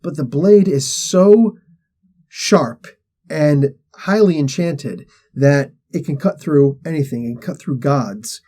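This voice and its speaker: A man's voice: fairly high pitch, takes it slowly, dark tone. A man hosting a show, casually retelling a comic story in a slangy, rambling way, acting out the characters' lines. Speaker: host.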